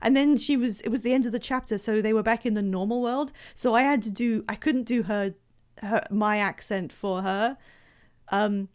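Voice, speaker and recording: A woman's voice: on the high side, normal speed, clean tone. A woman streamer chatting casually while playing a game, rambling with many fillers and restarts.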